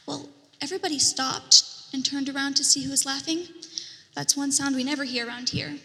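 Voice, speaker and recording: A woman performing a dramatic storytelling monologue as a market merchant in a church play, animated, with whispered asides. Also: high-pitched, fast. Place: church sanctuary. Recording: reverberant church hall.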